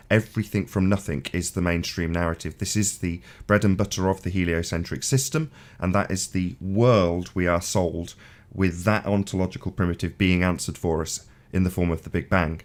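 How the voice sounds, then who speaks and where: A man hosting a live online panel discussion, talking in an earnest, lecturing way. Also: low-pitched. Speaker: host of a live panel show.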